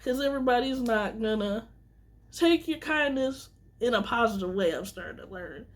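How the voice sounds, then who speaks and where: A woman's voice: fairly high pitch, lively intonation, moderate pace. A young woman vlogger telling a storytime rant to her viewers, candid and venting, talking straight to the camera.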